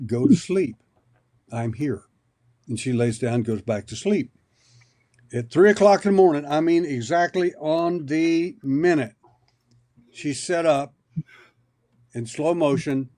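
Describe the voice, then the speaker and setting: A man's voice: fairly high pitch, a little mellow. A man as a podcast guest, telling a long personal story in a rambling, anecdotal way, often restarting his sentences. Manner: rambling, anecdotal, with many repeated starts. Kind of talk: storytelling in an interview.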